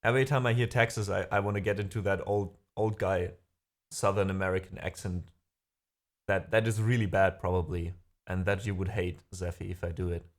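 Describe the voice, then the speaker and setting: Brisk and low-pitched, with fairly even intonation, this non-native English speaker chats casually on his music livestream. He reads viewer comments, rambles, and laughs at his own remarks.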